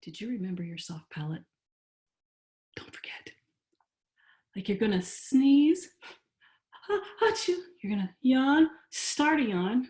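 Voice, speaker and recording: A woman's voice: medium pitch, animated, moderate pace, hardly any pauses. A woman soprano teaching an online singing and exercise class, coaching her students by name and cheering them on. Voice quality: trained soprano. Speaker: voice and fitness instructor. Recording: roomy sound with loud music.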